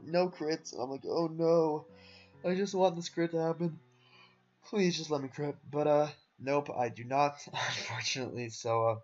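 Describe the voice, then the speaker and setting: A man giving casual voice-over commentary on his own competitive game matches. He rambles in a laid-back way, with lots of fillers, and talks to viewers as "guys" and "boys". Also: medium pitch. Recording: dull lo-fi audio with background music. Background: soft guitar background music.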